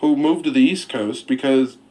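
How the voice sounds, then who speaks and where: A man's voice: mid-range voice, moderate pace, warm tone, rough recording. A man hosting a radio show, talking casually and rambling a bit as he searches for words. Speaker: radio host. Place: radio studio.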